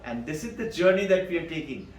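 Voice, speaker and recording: A man with a slightly high voice teaches on Vedanta, posing questions and answering them himself. He is recorded from a distance in an echoey room, with faint noise behind him. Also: lively intonation, fast, a little mellow. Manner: laughs between points, adds "no?" tag questions. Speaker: spiritual teacher.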